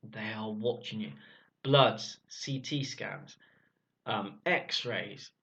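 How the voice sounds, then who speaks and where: A gruff man telling his own story bluntly, swearing freely in casual speech. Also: fairly low pitch, extremely slow, sharp tone. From Cornwall, England. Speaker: vlogger. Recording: dull lo-fi sound.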